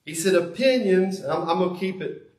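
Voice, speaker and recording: A man's voice: sits high, fairly even intonation, fast talker, very noisy. A man pastor preaching a sermon, earnest and confessional, stressing key words by repeating them. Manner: confessional, earnest, with emphatic repetition. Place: church sanctuary. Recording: echoey church sanctuary.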